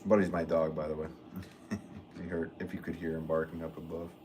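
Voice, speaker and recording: A man, a potter, chatting casually on a livestream and reading out viewer comments, relaxed and joking, with frequent chuckles. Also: rumbling low, fairly quick, a little hiss or hum. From northwest Connecticut. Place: pottery studio.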